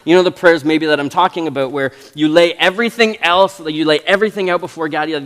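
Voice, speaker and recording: A man in his thirties from Canada, preaching a sermon as pastor in a casual, animated way with frequent restarts. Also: fairly high pitch, fast talker, few pauses, in a large hall. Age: 30s. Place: church sanctuary.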